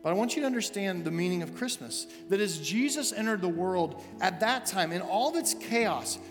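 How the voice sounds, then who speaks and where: A male preacher with a rather high voice delivers a sermon, slipping into animated voices as he tells a story. His words ring out with a long hall reverb, and soft music sits faintly underneath. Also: normal speed. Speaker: senior minister. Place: large church sanctuary.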